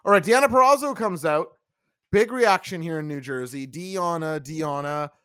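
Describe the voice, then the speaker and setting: A man's voice: high-pitched, very animated, fairly quick, fairly bright tone, dry recording, studio quality. A man hosting a live wrestling review, blunt and opinionated, reading out chat comments. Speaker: wrestling review podcast host.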